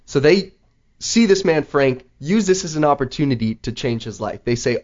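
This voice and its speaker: A man hosting a show, telling a story in casual chat, rambling with lots of "like" and an animated manner. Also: mid-range voice, normal speed. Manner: rambling, heavy use of "like", animated retelling. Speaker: podcast host. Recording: slightly dull lo-fi audio.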